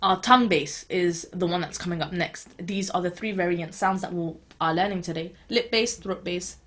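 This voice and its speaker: A woman gives a casual beatboxing tutorial for an online video. She talks in an easygoing way with a few fillers. Her tone stays steady and encouraging as she reassures learners. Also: on the low side, moderate pace. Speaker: beatboxing teacher.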